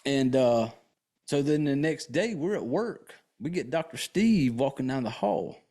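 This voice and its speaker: A man's voice: mid-range voice, animated, measured pace, dark tone. A man hosting a podcast, recapping a film in a casual, profane, joking way with lots of fillers. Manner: rambling, crude and joking, with many fillers. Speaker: podcast host.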